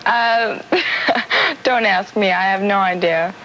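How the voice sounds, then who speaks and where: A woman's voice: mid-range voice, lively intonation, takes it slowly, bright, forceful tone. A teenage girl from California, answering interview questions with giggles and hesitant fillers. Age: teens. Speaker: guest, singer's daughter. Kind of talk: morning TV interview. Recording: dull broadcast audio, faint hiss.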